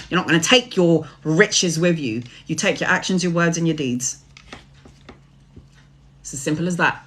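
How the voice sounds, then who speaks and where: A woman's voice: lowish voice, a bit bright. Sweary, preachy woman tarot reader. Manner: casual, preachy, swears freely. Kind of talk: spiritual monologue.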